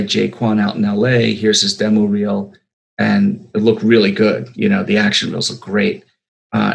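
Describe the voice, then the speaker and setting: A man's voice: on the low side, gravelly, poor audio. A middle-aged man, a filmmaker, answering interview questions in a rambling way with many fillers and restarts. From United States.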